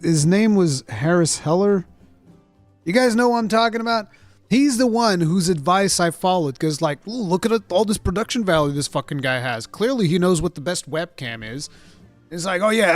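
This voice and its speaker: A man streaming from home, chatting casually with a rambling, profane, mock-indignant manner that swings from mumbles to loud outbursts. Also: high voice, dry recording. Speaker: streamer reacting to a game showcase. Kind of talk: casual livestream chat.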